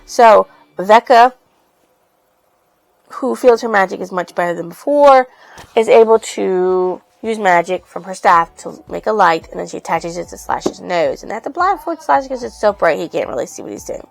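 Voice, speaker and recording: A woman's voice: medium pitch, animated, moderate pace, creaky, no room sound, poor audio. A woman casually recapping a book's plot, rambling and swearing freely. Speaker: book reviewer.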